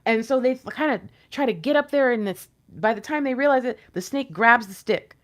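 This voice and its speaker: A woman giving an intuitive tarot reading, animated and playful, sometimes dropping into whispers. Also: on the high side, normal speed. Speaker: tarot reader.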